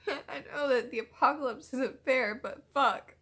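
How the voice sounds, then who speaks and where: Emotional woman, bright husky voice. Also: high voice. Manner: emotional, swears freely, talks back to the screen. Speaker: reaction video host. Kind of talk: emotional TV episode reaction.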